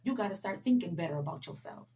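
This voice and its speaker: This motivational vlogger talks fast and animatedly in a mellow, mid-range voice. Conversational and direct with her viewers, she drops frequent "you know"s and repeats important sayings to drive them home.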